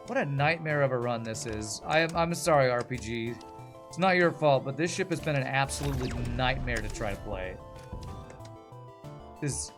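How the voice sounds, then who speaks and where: Frustrated swearing man streaming a game. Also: mid-range voice. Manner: frustrated, swearing, apologetic ranting. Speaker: streamer playing a video game. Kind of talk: live game commentary.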